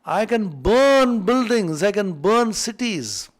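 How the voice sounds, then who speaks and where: A man's voice: sits high, lively intonation, slow. A man voicing a proud, hot-tempered male fire god who brags indignantly about his power. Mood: boastful outrage. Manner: boastful, indignant.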